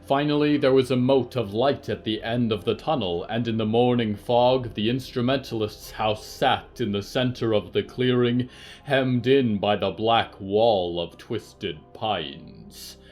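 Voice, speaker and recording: A man narrating a dark fiction podcast in a measured, even storytelling voice. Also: mid-range voice, faint music behind. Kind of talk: scripted narration of horror fiction.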